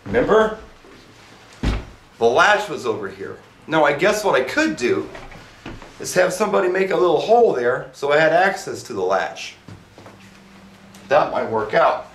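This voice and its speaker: A man's voice: on the high side, very animated, normal speed, long pauses, a bit bright. A man casually narrating how he sets up DJ gear, talking to himself as he works, a little out of breath from the lifting. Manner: chatty, self-narrating while working, mild humor. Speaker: mobile DJ demonstrating gear. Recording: echoey room, mic far off, faint hiss.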